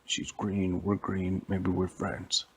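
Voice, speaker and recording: A man voicing a simple-minded green brute who talks loudly in broken words. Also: low-pitched, monotone, slow pace, slight background noise. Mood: gruff. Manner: loud, broken caveman grammar.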